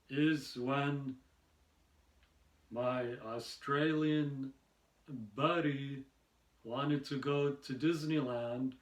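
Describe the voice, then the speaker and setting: A man doing amateur stand-up, telling meandering personal stories in a halting way, with many pauses and fillers. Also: medium pitch, reverberant. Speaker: amateur stand-up comedian and podcast host. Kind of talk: rambling stand-up storytelling.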